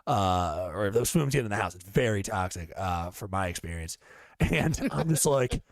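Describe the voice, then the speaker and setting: Gravelly, rambling podcast co-host. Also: male voice, lowish voice, big pitch swings, moderate pace, fairly bright tone, dry recording. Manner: profane, rambling storyteller with frequent fillers. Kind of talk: casual podcast chat. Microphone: studio podcast mic.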